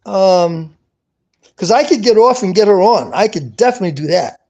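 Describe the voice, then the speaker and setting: A man hosts a live online show in a high, animated, slightly mellow voice at a moderate pace. His casual chat is insistent and repetitive, and he often restarts his sentences.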